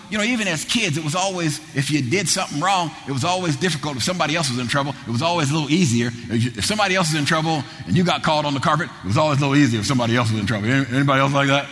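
A middle-aged man preaching a sermon, building into fervent shouting with repeated phrases. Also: medium pitch. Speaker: pastor. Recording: long hall reverb with faint noise.

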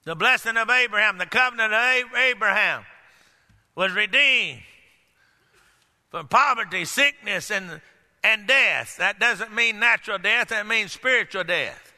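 A man preaching a sermon with emphasis, now and then rising to a shout and putting questions to the congregation. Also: high voice, measured pace. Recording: echoey hall with long reverb.

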